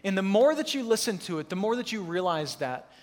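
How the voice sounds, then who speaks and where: A man in his thirties, a pastor telling a story in a lively, self-mocking sermon at church. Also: high voice, brisk. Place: church hall. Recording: long hall reverb.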